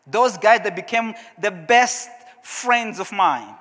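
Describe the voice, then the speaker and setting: High, bright-voiced preacher with a Portuguese accent. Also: male voice, slow pace. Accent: Portuguese-speaking African. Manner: storytelling, animated, acts out his own past questions. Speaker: pastor. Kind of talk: sermon. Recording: long hall reverb.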